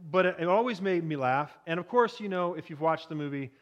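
A man with a fairly high voice preaching a sermon. He talks to the congregation in a chatty way and keeps putting questions to them. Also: expressive, a little fast, dull audio. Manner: conversational, asks the congregation questions.

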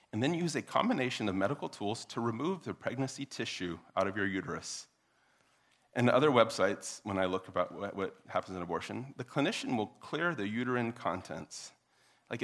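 A man giving a persuasive talk to a live audience in a room, animated and jumping into exaggerated high-pitched voices to mock opposing views. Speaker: speaker addressing an audience.

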